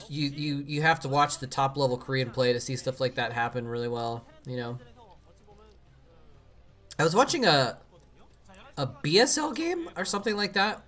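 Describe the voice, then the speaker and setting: A man's voice: on the high side, lively intonation, normal speed, pauses often, fairly bright tone. Rambling man, casual stream commentary. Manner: rambling, with many fillers and restarts. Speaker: streamer watching and commenting on old game matches.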